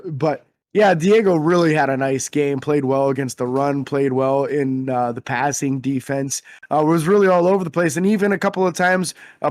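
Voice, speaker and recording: A young man co-hosting a casual sports podcast, talking energetically and quick to exclaim. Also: on the high side, dry recording, studio quality. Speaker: podcast co-host.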